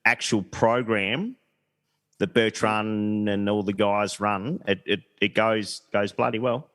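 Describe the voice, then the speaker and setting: A man's voice: fairly low pitch, fairly even intonation, slow pace, fairly bright tone. A man co-hosting a podcast, chatting casually with dry joking quips. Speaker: podcast co-host.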